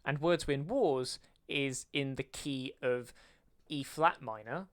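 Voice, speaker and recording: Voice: mid-range voice, slow pace. A video creator explaining music theory in a lesson, counting beats aloud and singing rhythms to show them. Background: faint music playing.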